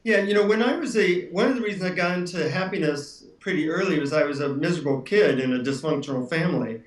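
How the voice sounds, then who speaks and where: A man's voice: on the high side, fast talker, distant mic. A middle-aged man, a self-help author being interviewed, telling a personal story in an earnest, reflective way. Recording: roomy, off-mic sound.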